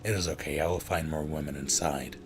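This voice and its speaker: A man's voice: extremely low pitch, steady tone, fairly quick, creaky, noisy background. A man voicing a blunt, macho male action hero who speaks in terse, broken phrases. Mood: gruff.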